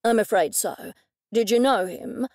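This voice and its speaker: A woman voicing a cool, curt male police detective who speaks in a dry, deadpan way. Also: medium pitch, unhurried, no room sound, natural voice.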